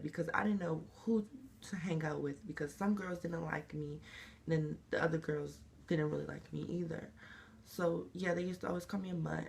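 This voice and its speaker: A man's voice: on the high side, vocal fry. A young man telling his story in an emotional, rambling confessional vlog. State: crying. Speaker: vlogger.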